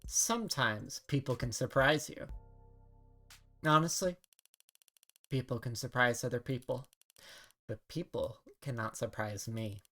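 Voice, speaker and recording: A woman's voice: rumbling low, measured pace, long pauses, fairly bright tone, soft background music, full character voice. A woman voicing a female AI assistant in a game, sweet-sounding and passive-aggressive, with a condescending manner. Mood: sweetly smug. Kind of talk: game dialogue read-along.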